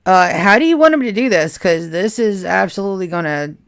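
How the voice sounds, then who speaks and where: A woman running a tabletop horror game as game master, narrating gore in a slow, drawn-out way. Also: medium pitch, expressive, clear, resonant tone.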